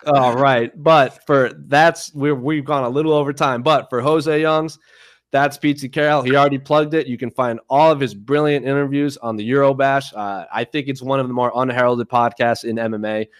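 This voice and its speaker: A man co-hosting a casual podcast chat, talking eagerly with a joking edge and plenty of "uh" fillers. His voice sits at an ordinary middle pitch. The sound is close and dry. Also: fairly even intonation, normal speed, no echo. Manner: enthusiastic, jokey, many fillers. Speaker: podcast co-host.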